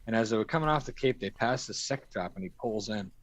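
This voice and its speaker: A man's voice: fairly low pitch, quick pace, no echo. A man telling a crude anecdote on a casual stream, swearing and acting out the quotes. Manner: profane, animated storytelling with acted-out quotes. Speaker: storyteller on a stream.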